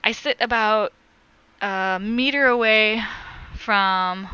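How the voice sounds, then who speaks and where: A woman's voice: mid-range voice, slow, pushed and bright, clean tone, no room sound, muffled recording. A woman on a crochet live stream, chatting casually as she reads viewer comments aloud and answers them.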